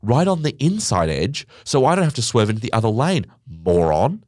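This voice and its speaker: A man rants sarcastically through a comedic podcast monologue, swearing freely. His pitch leaps high and drops low as he mocks people. The recording is dry and close, with no room sound. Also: moderate pace, no room sound. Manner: sarcastic, profane, animated swings in pitch. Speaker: podcast host.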